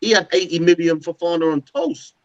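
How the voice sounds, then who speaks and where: A man, co-hosting a casual football fan chat, animated and slangy, often repeating his words. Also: a little high, brisk, lo-fi sound. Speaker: co-host of a football fan show.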